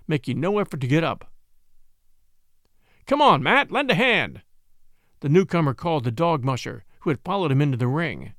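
A man narrating an adventure story aloud in an expressive, dramatic reading. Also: a little high, no room sound, clean studio sound. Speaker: audiobook narrator.

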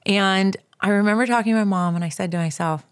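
A woman's voice: mid-range voice, fast, clear, resonant tone, no echo, clean studio sound. A woman in her forties, co-hosting a podcast, telling a personal story in a chatty, emotional way full of fillers. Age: 40s. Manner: emotional, chatty, many likes. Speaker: podcast co-host.

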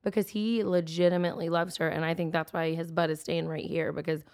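A woman's voice: low-pitched, fairly quick. A woman on a podcast, chatting casually and acting out the people in her stories. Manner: animated storyteller, acts out quotes. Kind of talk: casual chat.

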